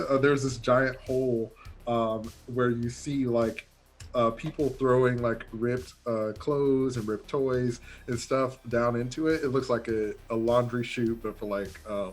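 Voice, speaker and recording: A man narrating as game master, loose and full of fillers. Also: mid-range voice.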